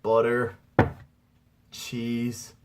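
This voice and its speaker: A man's voice: mid-range voice, monotone, very slow, heavy background noise. A young man telling a rambling comedy story about himself, saying "dude" again and again. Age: young adult. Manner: rambling, says "dude" a lot. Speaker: amateur comedian. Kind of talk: stand-up storytelling.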